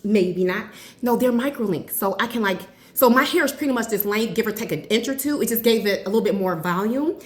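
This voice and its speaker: A woman in her forties chatting casually to her viewers, an excitable storyteller who calls them y'all. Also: mid-range voice, fairly quick. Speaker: vlogger. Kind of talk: casual chat to camera. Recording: roomy echo.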